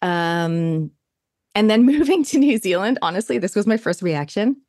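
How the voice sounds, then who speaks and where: With a medium-pitched, expressive voice and darkish tone at normal speed, a Canadian-accented woman in her thirties chats as an interview guest. She is enthusiastic and talkative, heavy on fillers, and the studio-quality recording has no room sound.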